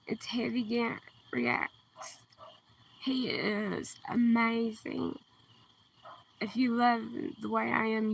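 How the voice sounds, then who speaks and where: A woman with a southern Kentucky accent, chatting on a livestream outdoors at night, speaking slowly and carefully enunciating into a phone. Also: fairly high pitch, vocal fry. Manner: slow, deliberately enunciated, soft-spoken. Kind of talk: casual livestream chat. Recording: distant phone mic, faint outdoor hiss.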